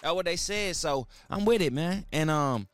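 A man's voice: on the high side, lively intonation, moderate pace, smooth, no echo, faint music behind. A man hosting his own podcast in casual, hyped talk, heavy on slang and repeating words for emphasis. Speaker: podcast host.

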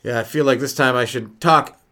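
A man with a mid-range voice, pushed and bright, keeps a steady tone and a fairly quick pace as he hosts his own comedy podcast. The stand-up comic is running without sleep, rambling and riffing through lots of fillers and abrupt voice jumps.

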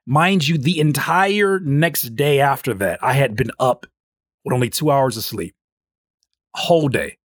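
A man in his thirties hosting a casual solo podcast and telling a story with energy, often jumping into a high voice when he quotes himself. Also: lively intonation, measured pace, no echo, studio quality. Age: 30s. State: sleep-deprived. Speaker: podcast host.

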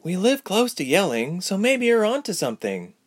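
A man voicing a curious young woman traveler who asks soft, thoughtful questions in a storybook. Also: high voice, sing-song, normal speed, voice pushed up.

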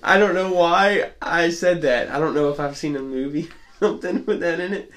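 A man's voice: a little high, a little fast, fairly bright tone, a little hiss or hum. A young man telling stories in a casual podcast chat, rambling and laughing often. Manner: laid-back rambling storyteller, laughs often. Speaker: podcast co-host.

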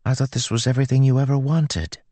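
A man's voice: medium pitch, steady tone, fast, mellow, no echo, voice pushed up, lightly acted. A man reading an audiobook, voicing a pushy, eager teenage schoolgirl in a lifted, lighter voice. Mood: urging.

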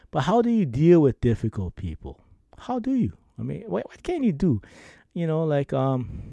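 In clean studio audio with no room sound, a man with a mid-range voice hosts a podcast. His storytelling monologue is casual and wandering, full of laughter, and he animatedly performs other people's quoted words.

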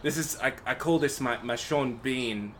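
A man's voice: medium pitch, unhurried, a bit bright, slight background noise. A man, a podcast guest, chatting casually in a put-on Cockney accent and playing with voices.

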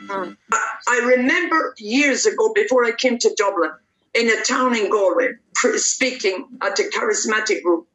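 At a church service near Dublin, a preacher leads fervent, repetitive prayer and a sermon. The voice is medium-pitched, bright and forceful, at a normal speed, recorded in an echoey room.

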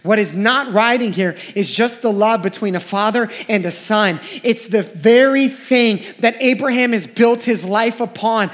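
Very high-voiced male preacher. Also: unhurried, hardly any pauses. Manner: emphatic, repeats lines, swings loud to hushed. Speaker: pastor. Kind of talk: sermon.

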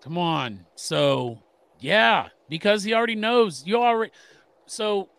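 A middle-aged man co-hosts a casual sports podcast, chatting in an emphatic, profane, rambling style. His high-sitting voice is unhurried and a bit bright with vocal fry, and there's no room sound.

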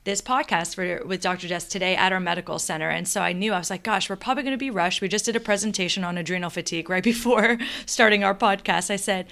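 A woman's voice: medium pitch, fast talker, vocal fry, few pauses, sharp tone. A woman hosting a podcast, enthusiastic and laughing often in casual conversation. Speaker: podcast host, naturopathic doctor. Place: medical center room.

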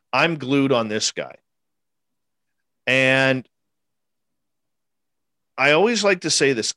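A man's voice: mid-range voice, bright, forceful tone, no room sound. A man in his forties, recounting an encounter as an interviewee, emphatic and repetitive, acting out the quotes. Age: 40s. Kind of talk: animated personal storytelling.

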